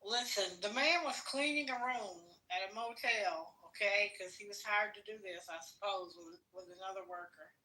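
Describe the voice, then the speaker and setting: A woman's voice: mid-range voice, normal speed, hardly any pauses, pushed and bright, low-quality recording. A woman on a podcast, bluntly retelling a news story with her own asides. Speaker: podcast co-host. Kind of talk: casual storytelling.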